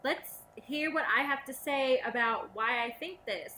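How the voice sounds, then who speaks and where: A young woman rants casually into the camera, profane and sarcastic. Her voice sits high and bright, and a faint hiss runs underneath. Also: a little slow. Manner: profane, sarcastic, animated ranting with mocking quoted voices. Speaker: vlogger.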